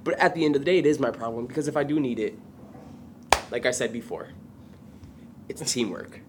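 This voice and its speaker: A man's voice: mid-range voice, a little fast, background noise. A man in casual chat, opinionated and explaining things in a matter-of-fact way.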